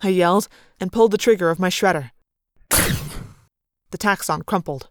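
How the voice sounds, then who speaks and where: A woman's voice: lowish voice, moderate pace, a little hiss or hum. A woman reading a sci-fi novel aloud in first person, narrating with dramatic, vivid storytelling. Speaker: audiobook narrator.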